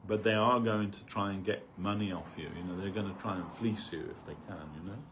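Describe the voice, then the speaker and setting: A man's voice: low voice, steady tone, brisk, a bit bright, a little hiss or hum. A man giving an informal spiritual talk at a temple gathering, rambling conversationally and peppering his stories with "you know".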